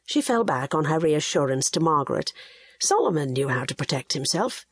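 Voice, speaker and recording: A woman narrating an audiobook in a measured storytelling manner, her pitch moving a lot through the lines. Her voice has a light husk, and the recording is dry and close with no room around it. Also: sing-song, husky, dry recording. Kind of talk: scripted narration.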